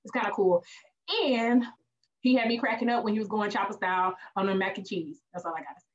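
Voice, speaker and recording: Lively woman hosting a film chat, lo-fi. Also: mid-range voice, fast, distant mic. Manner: animated, acts out movie lines, laughs often. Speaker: podcast co-host. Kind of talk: casual film review chat.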